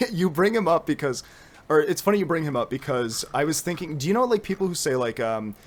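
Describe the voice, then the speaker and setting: A man hosting a podcast in casual chat, animated and giggly, rambling between thoughts. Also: on the high side, a little fast. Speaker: podcast host.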